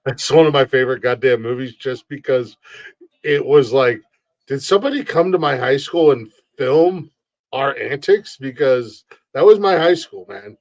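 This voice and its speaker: A man from the United States hosting a podcast, bantering in loud, profane mock outrage. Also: medium pitch, animated, a little slow, no echo. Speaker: podcast host. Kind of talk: casual comedic banter.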